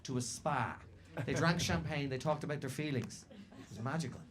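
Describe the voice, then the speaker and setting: A man's voice: mid-range voice, normal speed, very noisy. A man doing brash, profane stand-up storytelling on a comedy stage. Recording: stand-up set with loud crowd laughter. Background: audience laughter.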